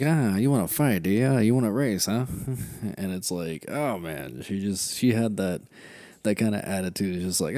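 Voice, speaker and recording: Male podcast host, very deep voice, casual and rambling with frequent swearing, dry close home recording. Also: a little mellow, dry recording. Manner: rambling, swears freely, self-interrupting asides. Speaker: true crime podcast host. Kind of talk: casual unscripted podcast chat. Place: at home, room with a heater.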